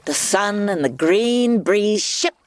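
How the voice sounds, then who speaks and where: A performer reading narration in a radio drama with a lively, expressive delivery. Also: mid-range voice, slow, a little hiss or hum. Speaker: narrator and voice actor.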